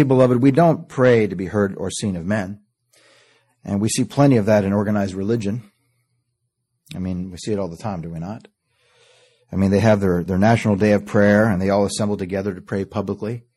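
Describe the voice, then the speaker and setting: A man preaching a sermon in an earnest way, calling the listeners "beloved" and rising on quoted scripture before dropping low and quiet. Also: husky. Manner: earnest, repeats "beloved", swells on scripture then drops to near-whispers.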